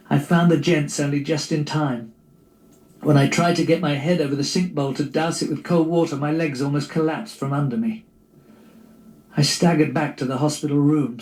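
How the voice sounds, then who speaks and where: A man reads from his own memoir with wry, gently comic timing. His voice sits a little high for a man, and the recording has a noticeable room echo around it. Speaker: author reading his memoir. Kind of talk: memoir reading.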